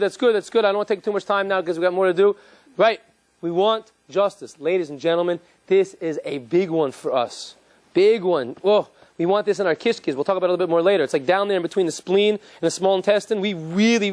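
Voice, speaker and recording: High, fast-talking male rabbi lecturing. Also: a little mellow, dry recording. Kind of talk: interactive lecture to a live audience.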